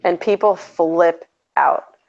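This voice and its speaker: Sarcastic lady host chatting away, lowish gravelly voice, kinda muffled lo-fi audio. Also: slow, a little mellow. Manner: chatty and sarcastic, laughs often. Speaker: stream host. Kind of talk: casual chat. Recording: dull lo-fi audio.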